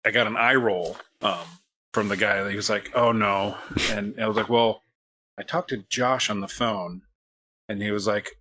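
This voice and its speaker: A man's voice: on the low side, fairly even intonation, normal speed, pushed and bright. A man from the United States hosting a podcast, telling a long, self-mocking story in a casual way with many restarts. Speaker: podcast host.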